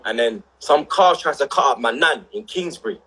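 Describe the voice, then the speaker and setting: A young man, telling a story on a casual livestream with rising excitement and shouts. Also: mid-range voice, normal speed, slight background noise, rough recording. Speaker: livestream co-host.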